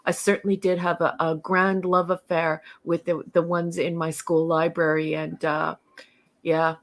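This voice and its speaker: A woman co-hosting a casual live stream, speaking earnestly with many pauses and fillers. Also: lowish voice, little pitch movement. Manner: earnest, hesitant, lots of fillers. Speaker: co-host.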